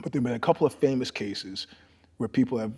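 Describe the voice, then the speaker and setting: He's an older man from New York, a fast talker with a husky, somewhat breathy voice, spinning profane stories as an interview guest. The conversation is casual; his volume jumps from animated, loud moments to low asides, all against a long room reverb.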